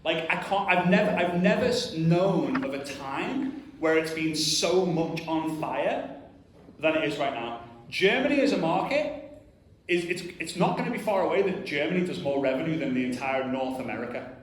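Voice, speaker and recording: A man's voice: on the high side, moderate pace, slight background noise. Man in his thirties speaking in an echoey hall. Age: 30s. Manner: earnest, emphatic, fond of "like", acts out little voices. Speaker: conference speaker. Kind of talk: motivational stage talk. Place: large hall before an audience. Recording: echoey hall, distant mic.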